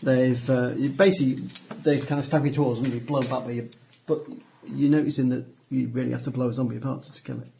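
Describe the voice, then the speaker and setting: A man running a tabletop game as game master, chatty and laughing, halting now and then with fillers. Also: mid-range voice, level tone, vocal fry, dark tone, slight background noise.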